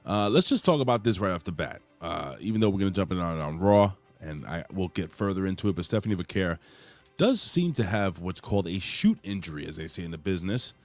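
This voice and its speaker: A fairly low-voiced man hosts a casual wrestling podcast in a loud, boisterous hype-man style, swearing freely as he chats. Faint music sits under his voice. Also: very animated, a little fast. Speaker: podcast host.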